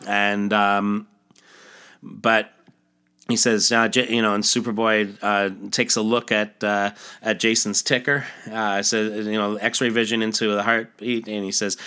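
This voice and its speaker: A man's voice: fairly low pitch, level tone, unhurried, sharp tone, clean tone. A man casually retelling a comic book story, chatty and full of asides. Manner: chatty, many fillers and asides.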